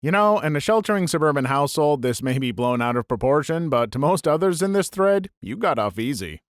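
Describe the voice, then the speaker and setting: A man's voice: fairly high pitch, big pitch swings, a little fast, dry recording, clean studio sound. A man reading online stories aloud and adding wry, joking asides between them. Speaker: narrator.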